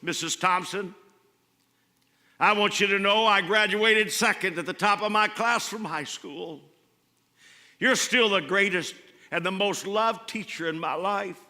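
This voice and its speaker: A pastor preaching a sermon in a church, telling a story and then building to fervent appeals. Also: male voice, sits high, unhurried, sharp tone. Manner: storytelling, swelling to fervent calls. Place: church sanctuary. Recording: church hall reverb.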